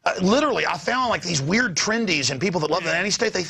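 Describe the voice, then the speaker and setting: A middle-aged man hosting a talk show, ranting at speed and slipping into mocking impressions. His voice is gravelly and a little husky, with a bright, forceful edge. His pitch swings all over the place as he talks. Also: expressive, quick pace.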